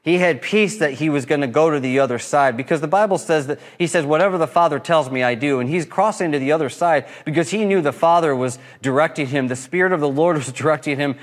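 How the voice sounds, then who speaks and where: A man preaching a sermon as pastor, rising to loud impassioned peaks and dropping to soft, slow lines. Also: on the high side. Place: church.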